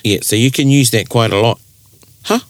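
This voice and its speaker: A man's voice: medium pitch, fast, no room sound. A New Zealand man co-hosting a casual language chat, explaining by acting out example phrases. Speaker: te reo Māori podcast co-host. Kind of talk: casual conversational teaching.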